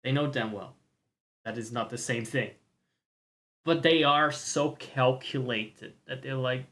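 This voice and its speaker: A man's voice: medium pitch, measured pace, pauses often, fairly bright tone. A man streaming live and reacting to a game trailer, ranting with opinions, swearing and mocking voices.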